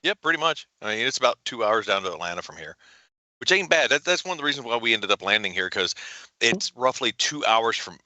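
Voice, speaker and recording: Animated middle-aged man, bright voice. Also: medium pitch, no echo. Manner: animated storyteller, folksy, quick jumps into voices. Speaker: author guest. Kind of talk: casual interview chat.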